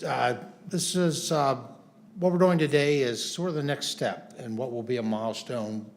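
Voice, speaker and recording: A man's voice: mid-range voice, fairly bright tone, slight background noise. A man, a congressman, giving a statement at a press conference, with many fillers and restarts.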